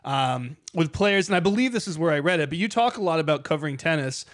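Fast-talking, higher-voiced male podcast host. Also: lively intonation. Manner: eager, chatty questions with hedges. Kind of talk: interviewing a guest.

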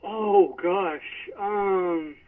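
A man's voice: high-pitched, extremely slow. Man with a tinny, phone-like sound. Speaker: podcast co-host. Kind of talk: casual sports chat.

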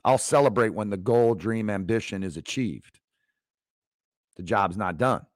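A man's voice: fairly low pitch, a little slow, no echo, studio quality. A man in his fifties hosting a leadership podcast, talking in an emphatic motivational monologue that repeats key phrases for effect. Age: 50s. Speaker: leadership coach, podcast host.

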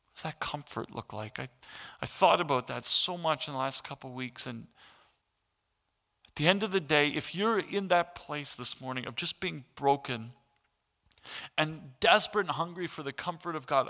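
A middle-aged male pastor preaching in an earnest sermon that climbs into passionate emphasis. His voice is bright and edged with gravel, pitched a little high for a man, and it rings out in a long hall reverb. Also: expressive, normal speed. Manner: earnest, rises to impassioned emphasis.

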